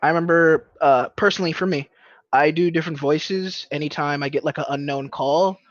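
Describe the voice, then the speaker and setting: A man's voice: fairly high pitch, steady tone, brisk, dry recording. A man on a podcast panel, talking in a laid-back, slangy way. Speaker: podcast panelist and tabletop player. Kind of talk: casual podcast chat. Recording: dull lo-fi dry sound.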